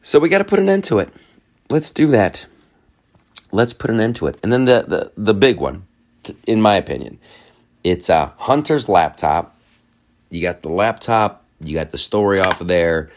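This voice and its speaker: A man's voice: low-pitched, lively intonation, normal speed, pauses often. A man hosting a podcast, giving casual political commentary in a sarcastic tone, repeating phrases and laughing at his own points. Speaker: podcast host.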